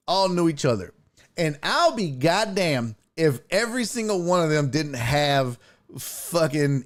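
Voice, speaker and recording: A man hosting a live stream, telling a story in a profane, ranting, casual way. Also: sits high. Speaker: host.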